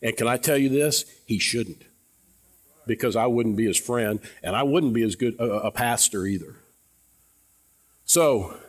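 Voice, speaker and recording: A male pastor preaching a sermon to his church in an earnest, conversational way, often dropping to quiet, low tones and asking the congregation questions. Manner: conversational, repeats words, asks the congregation questions.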